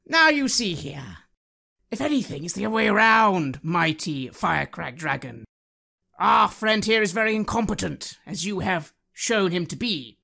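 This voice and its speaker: A woman's voice: medium pitch, lively intonation, moderate pace, vocal fry, pushed and bright, voice pushed up, full character voice. A woman voicing a boastful fire mage adventurer who speaks grandly and smugly. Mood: grandiose. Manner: pompous, grandiose.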